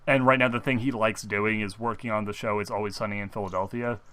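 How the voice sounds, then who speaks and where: A man's voice: fairly low pitch, fairly even intonation, quick pace, fairly bright tone. A young man co-hosting a casual fan talk show, rambling with lots of fillers and restarts. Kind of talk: casual chat.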